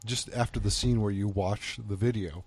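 A man co-hosting a casual podcast, relaxed, steering the talk and reading out facts he has looked up. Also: lowish voice, normal speed, breathy edge, dry recording. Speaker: podcast co-host. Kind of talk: casual chat.

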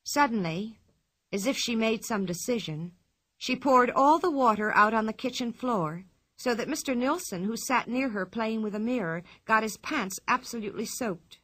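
Woman narrator, storybook reading, bright tone, dry close sound, expressive. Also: a little high, normal speed, dry recording.

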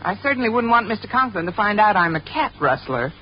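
An actress as a wisecracking schoolteacher, old radio. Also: female voice, medium pitch, sing-song, fast talker, natural voice. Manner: wisecracking, breezy and playful. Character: wisecracking female English teacher, quick-witted. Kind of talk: 1950s radio sitcom acting. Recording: dull old radio broadcast with audience laughter and hiss.

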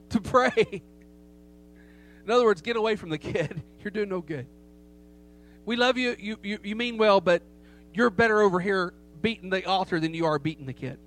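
A middle-aged man preaches in a high, light voice, telling a story with emphasis. He keeps turning to the congregation with rhetorical questions. A faint hum runs under the recording. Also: fairly bright tone. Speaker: pastor. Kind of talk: sermon with storytelling.

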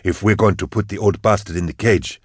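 A hard-edged ringleader barks short orders in a deep, low voice, as a man reads him. The sound is close and dry, like an audiobook. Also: fairly quick, breathy edge, no room sound. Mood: grim. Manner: curt, forceful orders. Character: hard, commanding male schemer.

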